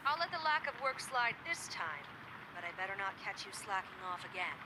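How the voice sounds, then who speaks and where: An actress voicing a sarcastic, scolding postal supervisor over a phone call in a game. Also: female voice, medium pitch, sing-song, fairly quick, background noise, close to an everyday voice.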